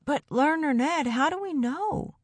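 A bold young child from a storybook, full of eager questions, the voice lifted up high, as a woman reader puts it on. The child sounds earnest and insistent, and the recording is close and dry. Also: lively intonation, a little slow, no room sound. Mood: questioning.

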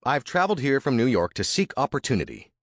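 A man's voice: mid-range voice, big pitch swings, fast talker, no echo, clean studio sound, voice pushed up. A man voicing an earnest, formal young educated man, polite and eager, in a storybook narration.

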